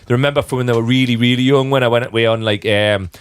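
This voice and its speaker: A man with a Geordie accent, chatting as a podcast host, sweary and animated. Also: medium pitch, fast, smooth, no room sound. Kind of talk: casual chat.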